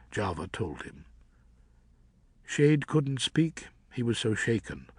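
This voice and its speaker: A man narrating an audiobook in a measured, expressive storybook style. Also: mid-range voice, breathy edge, no echo, clean studio sound.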